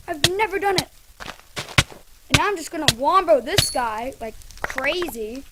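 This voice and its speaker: A woman giving chatty, rambling live gameplay commentary as a gaming channel host, breaking into excited yells. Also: high-pitched, a little slow, poor audio. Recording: loud noise and mouse clicks.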